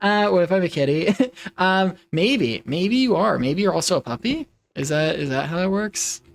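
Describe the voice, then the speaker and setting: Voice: medium pitch, animated, normal speed, gravelly, slight background noise. A young adult live streamer chatting casually while playing, giggly and playful, rambling with lots of restarts.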